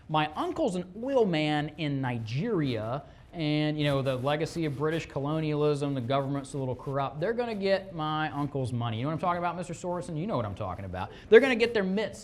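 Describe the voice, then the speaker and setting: A police fraud detective giving a lively classroom presentation, firing rhetorical questions at the audience and acting out scammers' lines in quick put-on voices. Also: medium pitch, a little hiss or hum. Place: presentation room with a live audience.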